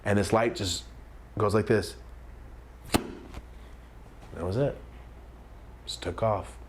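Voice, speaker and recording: A young man telling a comedic story time, animated and acting out the voices of the people in it. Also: lowish voice, very slow, background noise. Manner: animated, acts out quoted voices.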